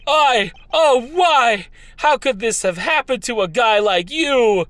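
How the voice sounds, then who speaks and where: Brief: a man playing a high, loud, hot-headed game prosecutor, all drama. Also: big pitch swings, dry recording, heavily acted. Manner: dramatic, shouting, drawn-out. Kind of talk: game dialogue read aloud.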